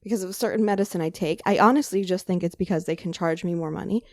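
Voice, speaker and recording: A woman's voice: fairly low pitch, fast talker, no room sound, clean studio sound. A pregnant young woman co-hosting a podcast, chatting casually and ranting with plenty of swearing, a little short of breath. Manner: exasperated ranting, lots of swearing. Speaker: podcast co-host. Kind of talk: casual chat.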